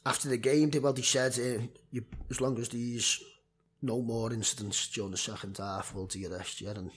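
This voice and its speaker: A man's voice: medium pitch, fairly even intonation, moderate pace, slightly rough. A man with a Liverpool accent, a former semi-pro footballer, telling blunt, sweary stories in a casual chat, with lots of fillers.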